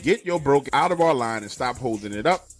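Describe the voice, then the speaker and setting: A man putting on a scornful fast-food server woman. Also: medium pitch, expressive, soft background music, lightly acted. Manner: scornful, curt.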